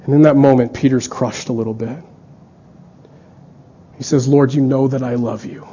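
A man's voice: mid-range voice, fairly even intonation, moderate pace, dark tone, husky. A man preaching a sermon in an earnest way, acting out the lines of the people in his stories. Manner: earnest, acts out quoted dialogue. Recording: dull lo-fi recording.

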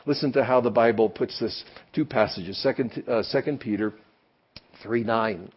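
A man's voice: medium pitch, normal speed, husky. A man preaching a sermon as pastor, impassioned and pressing his listeners with rhetorical questions. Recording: dull lo-fi recording.

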